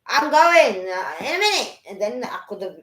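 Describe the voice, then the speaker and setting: A woman telling a story in casual chat, animated and profane, acting out what people said. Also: a little high, normal speed. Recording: echoey room.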